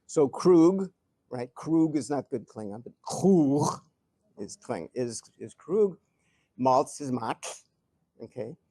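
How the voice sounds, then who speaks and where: An older man answering audience questions at a live event, telling stories in an animated way, chuckling and often restarting his sentences. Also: medium pitch, takes it slowly, dry recording. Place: event hall before an audience.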